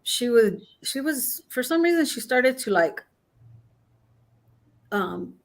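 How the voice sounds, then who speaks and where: A woman's voice: on the high side, very animated, slow, creaky. A middle-aged woman guest in casual chat, telling a long story with many restarts and fillers. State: has the hiccups.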